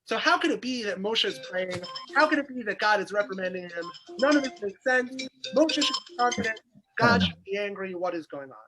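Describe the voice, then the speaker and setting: Music plays beneath a man's fairly quick, high-sitting voice with lively intonation. He's a rabbi teaching his weekly Torah class over video, questioning aloud as he explains in a lively text study lecture.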